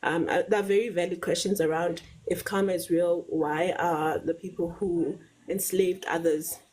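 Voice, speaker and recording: A South African woman, a guest on a live talk show, explains things patiently in a measured, conversational way, repeating words as she searches for phrasing and checking in with "right?". Her voice is on the low side, steady and a little mellow with a breathy edge, on a low-quality recording.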